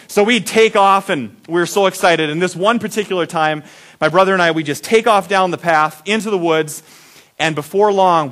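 Man, pastor, sermon, high voice, animated storytelling, acted-out voices. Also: brisk. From Iowa. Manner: animated storyteller, acts out voices, swings loud and soft.

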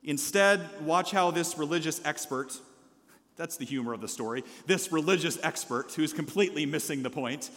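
A male pastor preaching a sermon, energetically leading the congregation in call-and-response and dropping into quiet asides. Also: on the high side, normal speed, long reverb tail. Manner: shifts between loud exhortation and quiet asides. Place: church sanctuary.

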